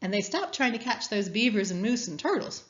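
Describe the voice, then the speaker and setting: A woman reading a children's story aloud as a guest speaker, with expressive storytelling. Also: mid-range voice, brisk, lo-fi sound.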